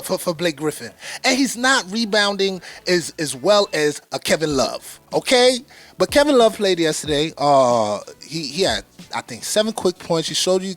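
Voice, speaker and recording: A man hosting a fan podcast, giving casual basketball commentary in an animated way, repeating phrases for emphasis and speaking straight to his viewers. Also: high voice. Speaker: podcast host.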